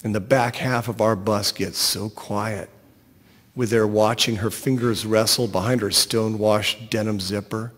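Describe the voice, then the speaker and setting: A man reading a short story aloud in a wry, deadpan storytelling voice. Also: on the low side, gravelly, long reverb tail. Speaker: narrator.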